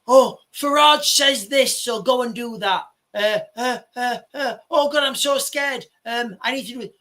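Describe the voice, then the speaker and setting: A man doing a high, fluttering voice of a scared woman who stammers in panic and does whatever she is told. The tone is bright and thin. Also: measured pace, exaggerated voice. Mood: panicky. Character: panicking frightened woman following orders.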